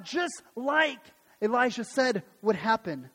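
A pastor preaching a sermon and retelling a Bible story, acting out the voices of its people in a lively way. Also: male voice, high-pitched, normal speed, long reverb tail. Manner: animated storytelling, acts out voices.

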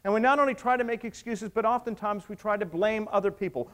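A man with a high, light voice delivers a sermon. He tells stories with drama, dropping low and soft and then building up again. His delivery is that of a practiced preacher. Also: fast, few pauses. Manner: dramatic retelling with acted quotes, swinging from hushed to raised.

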